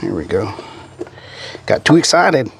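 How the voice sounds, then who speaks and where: A man's voice: fairly low pitch, very animated, measured pace, creaky. A man chatting casually to viewers while he works on an old car in his garage. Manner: folksy, chatty, talks to viewers while working. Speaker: car restoration vlogger. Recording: noisy garage with engine and tool sounds.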